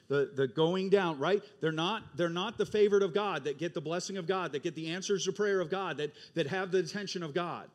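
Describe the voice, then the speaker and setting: A male pastor preaching an animated sermon, acting out the voices of the people in his stories. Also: fairly high pitch, normal speed.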